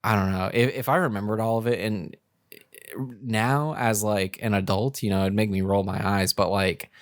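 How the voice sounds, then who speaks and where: Low-voiced man telling a rambling story. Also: fairly even intonation, moderate pace, dry recording, clean studio sound. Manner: rambling, many fillers and restarts. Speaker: podcast co-host. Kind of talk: casual storytelling.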